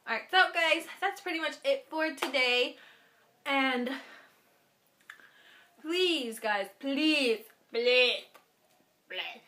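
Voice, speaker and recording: A young woman vlogging casually to camera, playful and animated, slipping into baby talk with her dog. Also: high voice, very slow, pauses often.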